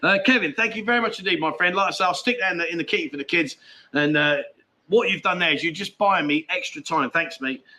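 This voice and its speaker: A man's voice: high-pitched, fast, sharp tone. A man hosting a casual live stream, chatting and bantering with viewers and his co-host. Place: indoors at family home.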